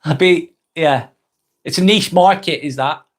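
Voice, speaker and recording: A man's voice: on the high side, unhurried. A man with a Lancashire accent and a slightly sore throat, chatting casually on a live stream, rambling and repeating himself as he reads out comments. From England.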